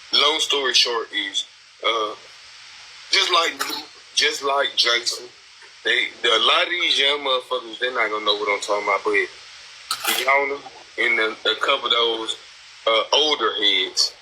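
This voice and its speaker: A man's voice: on the low side, bright, forceful tone, slight background noise, poor audio. A man hosting a live stream panel, talking in a blunt, rambling, profane casual chat.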